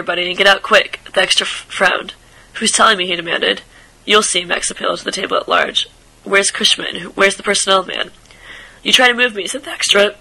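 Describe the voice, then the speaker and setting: A man reading a short story aloud in a casual, unpolished way, tripping over words and restarting, with quiet asides. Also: sits high, creaky, rough recording. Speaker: reader.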